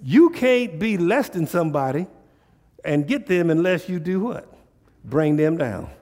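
A male pastor preaches in a casual, conversational dialect, keeping his congregation in call-and-response with rhetorical questions. His voice sits a bit high for a man. It echoes through a church hall with a long reverb tail. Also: sing-song, measured pace, warm tone. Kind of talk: sermon.

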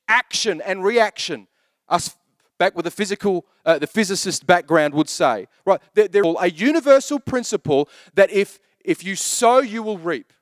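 A middle-aged male pastor preaches with a high, strongly swinging voice. He repeats his key lines and slips into small acted-out asides. The sound is dry and close. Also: dry recording. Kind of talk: sermon.

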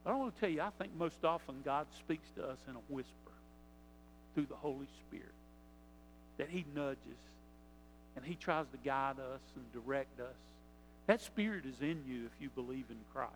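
A man preaching a sermon, earnest, swelling and softening his voice for emphasis as he reads scripture. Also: fairly high pitch. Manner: earnest, rises and drops in loudness for emphasis. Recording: long reverb with faint hum.

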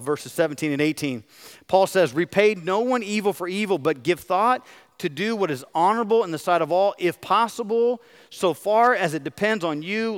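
Pastor preaching in a reverberant hall. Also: male voice, high-pitched. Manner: preaching with questions to the congregation. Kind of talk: sermon.

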